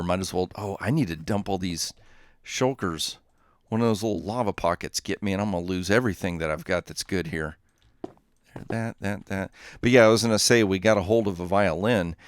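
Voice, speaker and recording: Low-voiced Texan streamer chatting. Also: male voice, a bit bright, no echo, clean studio sound. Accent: Southern US, Texas. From Texas. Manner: rambling, chatty, reads viewer chat aloud. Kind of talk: casual livestream chat while gaming.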